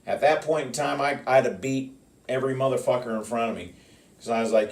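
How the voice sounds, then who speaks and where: A man's voice: medium pitch, fairly quick. Profane storytelling lineman, roomy and distant. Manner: profane, animated, acts out arguments. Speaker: lineman telling work stories. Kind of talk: casual storytelling. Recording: roomy sound from a distant mic.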